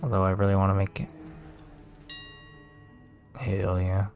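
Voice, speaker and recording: A man giving casual, relaxed commentary while playing a game, tired and talking to himself with some swearing. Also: deep voice, unhurried, lo-fi sound, faint music behind. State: tired, yawning. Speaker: gaming video creator.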